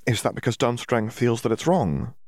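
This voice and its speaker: A man voicing an earnest, sharp-tongued teenage witch student in an audiobook, asking clipped, pointed questions. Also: medium pitch, animated, normal speed, no room sound, clean studio sound, voice pushed up, close to an everyday voice.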